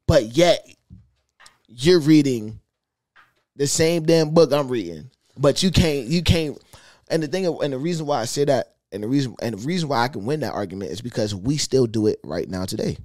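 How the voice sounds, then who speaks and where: A man's voice: mid-range voice, normal speed, dry recording. Argumentative man in dry casual podcast chat. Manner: animated, argumentative, acts out quoted speech. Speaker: podcast co-host.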